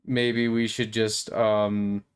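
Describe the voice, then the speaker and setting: A man voicing a male high elf who slowly and hesitantly questions his people's pointless war. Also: flat delivery, clean tone. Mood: musing.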